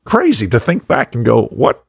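Lively, laughing man talking casually. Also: mid-range voice, measured pace, no room sound, studio quality. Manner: laughs often, rambling, self-deprecating. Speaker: guest, magician. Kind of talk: casual podcast chat.

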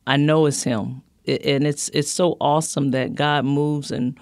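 A woman's voice: deep voice, fairly even intonation, unhurried, darkish tone, dry recording. Middle-aged woman, pastor, guest interview, earnest, repeats herself, dry booth sound. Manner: earnest, repeats words as she builds a point. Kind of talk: casual conversational interview.

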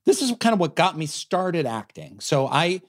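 A man co-hosting a podcast who is an actor himself, telling an anecdote with animated, self-amused energy. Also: a little high, normal speed. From United States. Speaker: co-host, actor. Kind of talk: casual podcast chat, storytelling.

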